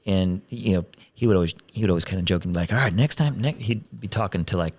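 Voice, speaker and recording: Podcast host, male, somewhat low voice, rambling casual delivery with restarts. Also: fast, darkish tone. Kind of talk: casual chat. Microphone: headphones and studio mic.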